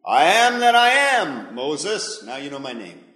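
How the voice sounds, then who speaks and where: A man voicing an impatient, commanding male deity who speaks in a booming, slow, declaiming way, heard in an echoey hall. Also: huge pitch swings, pushed and bright, full character voice. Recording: echoey hall with long reverb.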